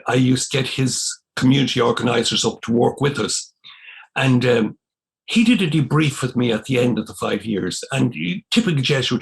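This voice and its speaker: An older former missionary priest from Ireland tells his life story as a podcast guest, speaking in a creaky, medium-pitched voice. He is an animated storyteller who acts out the dialogue he remembers.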